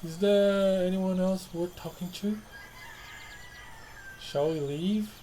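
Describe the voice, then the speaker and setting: A man with a high, mellow voice takes his time during a casual let's-play of a narrative game, reading dialogue choices aloud, repeating lines, and adding wry asides. Game music plays behind him, and there's a little hiss or hum.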